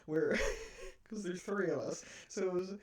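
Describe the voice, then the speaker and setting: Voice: mid-range voice, a little slow, a little mellow. A person reviewing a TV episode in a casual, rambling chat, with many fillers and some swearing.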